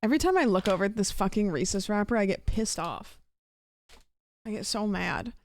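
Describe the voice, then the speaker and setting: A woman's voice: mid-range voice, expressive, moderate pace. A young woman streamer chatting casually and rambling with her live viewers, thanking them for gifts.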